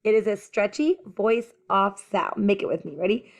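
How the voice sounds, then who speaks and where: A woman teacher giving a children's phonics lesson, speaking clearly and encouragingly as she models letter sounds. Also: mid-range voice, normal speed.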